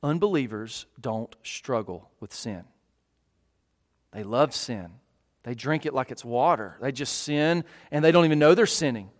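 A man in his thirties preaching a sermon, earnest and emphatic, slowing on key words and often restarting phrases. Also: mid-range voice, in a large hall. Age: 30s. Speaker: pastor.

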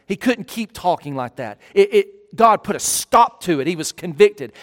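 A man in his thirties preaching a sermon, earnest and emphatic, slowing on key words and often restarting phrases. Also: sits high, lively intonation, long reverb tail. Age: 30s. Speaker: pastor.

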